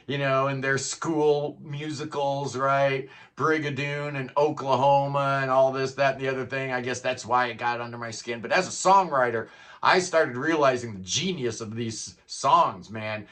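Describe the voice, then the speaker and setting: A man's voice: medium pitch, pushed and bright. A middle-aged man talking in a casual, rambling solo monologue as a music vlogger, often tacking "man" onto his sentences.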